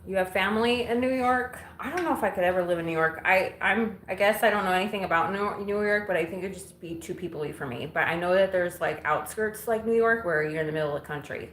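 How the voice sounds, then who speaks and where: Her voice sits on the low side but has a fairly bright tone. This Illinois woman casually live-streams from her kitchen and living room, windows open, doing chores, responding bluntly to viewers' comments and swearing at times. Faint background noise runs through the roomy home audio.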